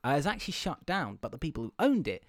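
A young man with a slightly high, very animated voice talks fast as he hosts a casual podcast. He tells long, rambling stories, stumbling over words and laughing often, in a dry, clean studio recording.

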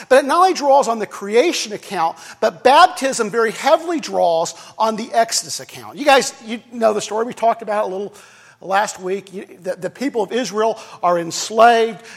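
A man's voice: high-pitched, creaky. A man preaching a sermon as pastor, talking casually with jokes and restarts. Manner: conversational preaching with jokes and repetitions. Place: church sanctuary. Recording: long reverb of a church hall.

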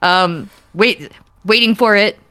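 A woman's voice: medium pitch, slow, a bit bright, smooth, no room sound. A young woman, a podcast guest, chatting casually with lots of fillers and giggles. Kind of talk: casual chat.

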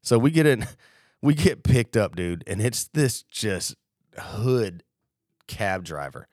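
A man's voice: on the low side, slow pace, dry recording, clean studio sound. A young man casually telling a wild story on a podcast, swearing freely and acting out what people said. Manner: animated, profane, acts out quotes. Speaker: podcast co-host.

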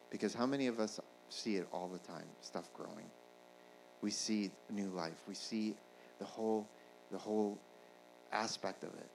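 A male pastor preaching a sermon, rising to shouts at the peaks and asking the congregation "Amen?" along the way. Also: mid-range voice, a little hiss or hum, low-quality recording.

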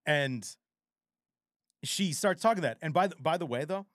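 A man co-hosting a podcast in casual chat, animated and rambling, with frequent swearing. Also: a little high, normal speed, no room sound, clean studio sound. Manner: animated, profane, rambling storyteller. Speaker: podcast co-host.

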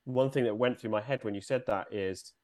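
A man's voice: mid-range voice, brisk, darkish tone. A man who is a business coach, a guest in a casual interview, explaining ideas in a reflective coaching tone.

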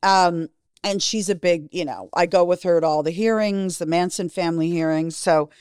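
Woman, fifties, lower voice, blunt storyteller, swears freely, dry sound. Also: steady tone, normal speed, a little mellow, clear, resonant tone, dry recording. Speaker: guest. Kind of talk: candid interview storytelling.

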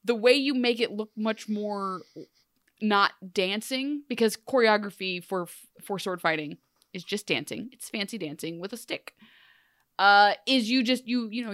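A woman's voice: mid-range voice, dry recording, clean studio sound. A woman co-hosting a podcast, casual and joking, telling a story with lots of asides. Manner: chatty, joking, animated storytelling. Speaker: podcast co-host. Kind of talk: casual chat.

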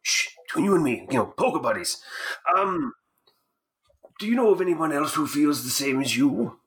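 A man's voice: fairly high pitch, lively intonation, normal speed, a bit bright. A man playing a tabletop game, asking questions in character in a playful, inquisitive way. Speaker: player. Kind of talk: tabletop role-play.

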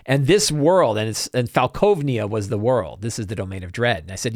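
A man's voice: on the low side, fairly quick, few pauses, no room sound, clean studio sound. A man hosting a podcast, recapping his tabletop game session in a casual, rambling way with many asides. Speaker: podcast host and game master.

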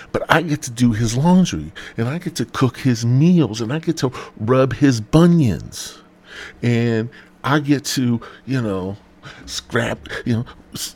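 A podcast host rambles through a crude comedy monologue in a husky, lowish voice. He sounds laid-back and meandering, and he drops into mumbled asides.

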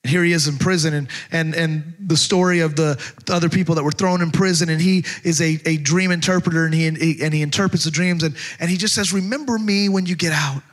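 High-voiced energetic male preacher. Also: fast, hardly any pauses. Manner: energetic, emphatic, repeats words, acts out quotes. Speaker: pastor. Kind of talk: sermon.

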